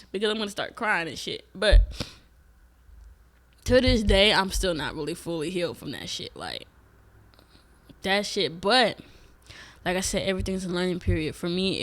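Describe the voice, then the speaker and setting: In her Atlanta vlog, a young woman whose voice sits on the low side talks through a candid, reflective monologue. Her tone is casual but emphatic, peppered with free swearing and abrupt loud bursts.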